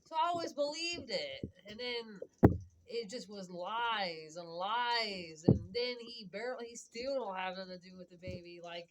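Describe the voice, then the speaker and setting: A woman vlogger tells a long personal story casually and ramblingly, full of "like" and "whatever" and quoted back-and-forth exchanges. Her mid-range voice is expressive and unhurried, and loud clicking noise runs in the background.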